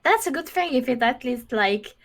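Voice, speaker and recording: A woman's voice: sits high, animated, normal speed. A woman taking part in a voice acting workshop, speaking hesitantly and searching for words. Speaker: workshop guest learning voice acting. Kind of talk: casual streamed chat.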